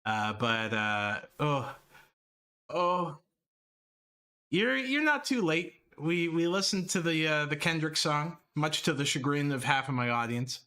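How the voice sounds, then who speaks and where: A man doing live reaction commentary on a stream, with a bright, forceful tone set a little higher than most men's. He laughs often and mocks what he watches in a blunt running patter. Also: animated, a little slow, clear, resonant tone.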